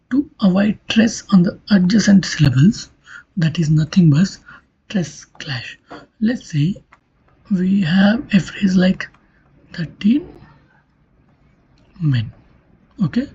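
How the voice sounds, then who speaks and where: Breathy, husky-voiced linguistics lecturer. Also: mid-range voice, dark tone. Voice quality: breathy, half-whispered delivery. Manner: checks understanding with "Clear?" and "right?"; repeats and corrects themself mid-explanation. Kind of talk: explanatory online lecture. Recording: dull lo-fi recording.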